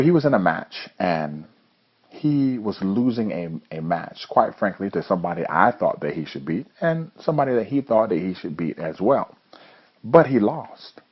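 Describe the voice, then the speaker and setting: Brief: very low, husky male coach telling stories earnestly in a motivational talk, dull lo-fi recording. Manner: earnest storytelling. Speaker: judo coach and host. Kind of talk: motivational monologue.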